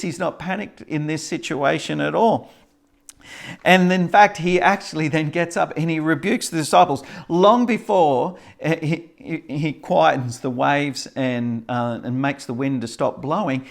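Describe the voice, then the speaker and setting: A male pastor preaching a sermon, retelling a story with lots of fillers. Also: fairly high pitch. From Australia.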